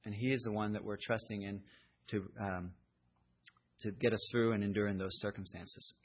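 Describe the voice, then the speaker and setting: A man's voice: fairly low pitch, flat delivery, moderate pace. A man preaching a sermon in an earnest, conversational way. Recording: dull lo-fi recording.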